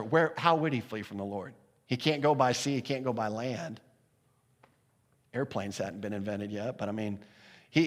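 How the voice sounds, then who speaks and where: Animated preacher in a reverberant hall. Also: male voice, medium pitch. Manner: animated, acts out the sailors' voices with laughs. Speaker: pastor. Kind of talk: sermon. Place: church sanctuary.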